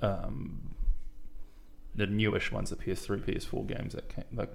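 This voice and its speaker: A young New man co-hosting a podcast, his voice sitting low with a gravelly rasp. He rambles casually and pokes fun at himself between laughs. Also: little pitch movement, normal speed, darkish tone. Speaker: podcast co-host. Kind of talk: casual chat.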